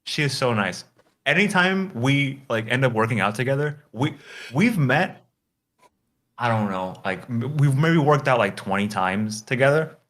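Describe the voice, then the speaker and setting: A man's voice: mid-range voice, lively intonation, measured pace, a bit bright. Rambling man in casual chat. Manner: rambling, heavy on filler words, swears freely.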